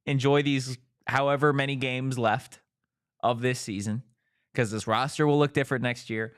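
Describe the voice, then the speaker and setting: A man hosting a casual sports talk show, firing off rhetorical questions in an animated way. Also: mid-range voice, normal speed, clear, resonant tone.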